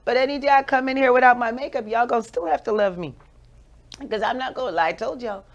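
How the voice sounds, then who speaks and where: Jamaican lady in her 40s hosting radio, playful and preachy, kinda high voice. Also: quick pace, muffled recording. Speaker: radio show host. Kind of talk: motivational radio talk.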